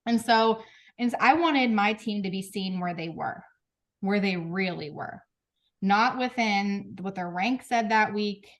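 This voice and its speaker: A woman in her thirties speaking frankly and emotionally to her team on a group video call, with quick restarts and laughs. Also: mid-range voice. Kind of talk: candid motivational talk.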